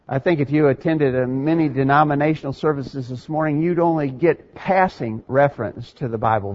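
A man with a fairly high voice preaches a sermon, reading scripture aloud and pressing his listeners with rhetorical questions. The recording is dull and lo-fi.

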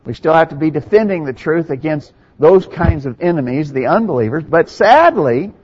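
A man's voice: a little high, expressive, normal speed, darkish tone, breathy edge, dull audio. A man preaching a sermon in an earnest, emphatic way, with conversational asides to the congregation.

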